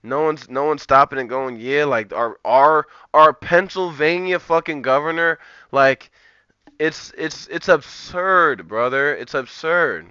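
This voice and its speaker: A man's voice: fairly high pitch, sharp tone, smooth, no echo. A man ranting in casual commentary, rambling and profane, with lots of filler words. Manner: profane, rambling, heavy use of "like". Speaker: streamer. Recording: dull lo-fi, dry.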